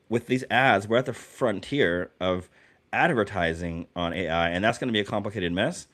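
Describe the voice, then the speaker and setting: A man co-hosting a podcast in casual chat, talking excitably and restarting his sentences often. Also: sits low, fairly quick. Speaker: podcast co-host.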